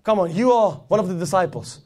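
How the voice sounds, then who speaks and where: A man's voice: high voice, fast, a little mellow. A man preaching a sermon with fervor, repeating phrases and building intensity as he goes. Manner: fervent, rising and swelling as he preaches, with repeated phrases.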